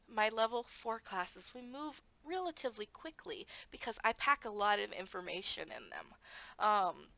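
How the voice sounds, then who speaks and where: A woman's voice: mid-range voice, moderate pace, vocal fry, dry recording, poor audio. A woman who teaches English online, chatting casually about her classes with lots of fillers and playful sound effects. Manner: animated, acts out classroom moments with sound effects; frequent fillers, friendly and chatty. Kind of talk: casual advice vlog.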